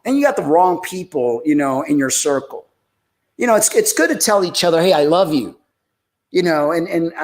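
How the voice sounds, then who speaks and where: Preachy, rambling man on a spiritual show. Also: a little high. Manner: emphatic, rambling and preachy, with many restarts. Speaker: host of a spiritual live radio show. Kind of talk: casual spiritual talk, reading listener comments.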